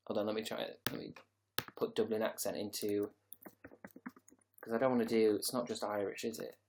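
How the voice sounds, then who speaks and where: A man's voice: on the low side, fairly even intonation, fairly quick, long pauses, a little mellow, slight background noise. Sweary, sarcastic male livestreamer. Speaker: livestream host. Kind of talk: casual livestream chat.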